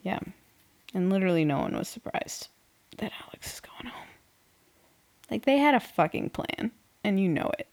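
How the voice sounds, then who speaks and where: A young woman hosting a casual podcast, sarcastically recapping a reality show with frequent swearing and laughter. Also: medium pitch. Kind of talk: casual chat.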